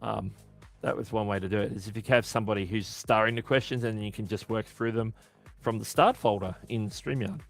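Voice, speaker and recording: A man's voice: fairly low pitch, steady tone, a little fast, vocal fry, faint music behind. An Australian man hosting a casual live-stream Q&A, chatty and often correcting himself mid-sentence. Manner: chatty, self-correcting, answering chat questions. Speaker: livestream host.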